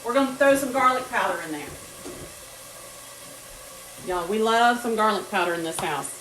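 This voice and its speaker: A chatty woman talks through her cooking in a home kitchen, calling out hellos to viewers as she goes. Her voice sits at an ordinary middle pitch. The room is echoey, with a little background noise. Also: animated, normal speed, a bit bright. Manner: chatty, greets viewers by name, laughs often. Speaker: host cooking on a live stream. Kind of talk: casual live cooking chat.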